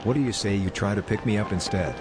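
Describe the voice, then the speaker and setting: A man's voice: lowish voice, fast talker, very noisy, close to an everyday voice. A man voicing a flirtatious video game character with a teasing delivery. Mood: flirty. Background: loud game music.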